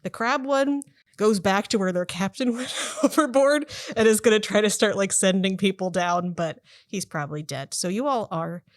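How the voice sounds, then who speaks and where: A woman running a tabletop role-playing game as game master, narrating in a relaxed, chatty way with giggles. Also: medium pitch, moderate pace, dry recording, studio quality.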